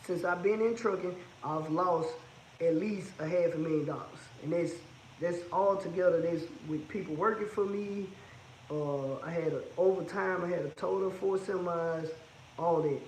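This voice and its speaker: A man's voice: high-pitched, normal speed, darkish tone, reverberant, slight background noise, poor audio. A man who owns a trucking business, talking casually and bluntly about its costs, repeating his points for emphasis. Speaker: trucking business owner giving advice. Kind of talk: casual advice monologue.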